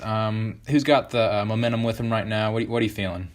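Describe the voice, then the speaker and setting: Joking teenage podcast host. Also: male voice, fairly low pitch, a little fast, hardly any pauses. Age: teens. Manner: joking, excitable, many fillers. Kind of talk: casual podcast chat.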